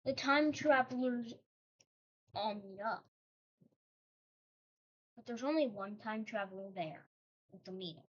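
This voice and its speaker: A woman's voice: a little high, measured pace, pauses often. A woman host telling a made-up history story in a casual, rambling way, breaking off into joking asides. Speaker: channel host. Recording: dull lo-fi recording.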